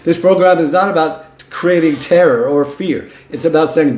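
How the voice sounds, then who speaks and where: Guy hosting a commentary show, higher voice, folksy and emphatic, keeps saying okay? and listen to this, echoey room. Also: normal speed, hardly any pauses, darkish tone. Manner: reads news aloud and comments on it. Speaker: host. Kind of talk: political commentary monologue. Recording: roomy echo.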